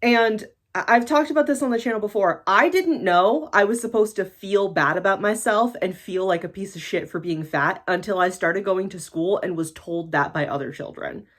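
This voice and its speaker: A woman from the United States talking casually and bluntly to her camera, swearing freely in a vlog rant. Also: moderate pace. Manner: blunt, swearing, animated swings in pitch. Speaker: YouTuber.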